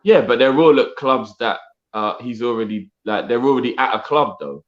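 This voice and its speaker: A man co-hosting a live football fan chat, trading quick back-and-forth remarks. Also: mid-range voice, animated, highs cut off. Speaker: fan channel co-host.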